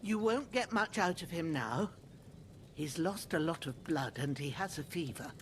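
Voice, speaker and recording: An old rustic healer woman in a video game, fussing over a wounded young man in a slow, folksy drawl. Her pitch rises and falls a lot as she scolds and soothes. A faint hiss of noise sits behind her. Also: expressive. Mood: motherly. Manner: homely folksy dialect, fussing and motherly.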